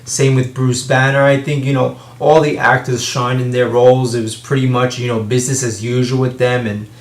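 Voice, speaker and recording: A man talks through a movie review in a loose, casual way. He rambles, leans on "you know" and "um", and swears freely. His medium-pitched voice sounds roomy and echoey. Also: little pitch movement, moderate pace. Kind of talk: casual spoken film review. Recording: echoey room.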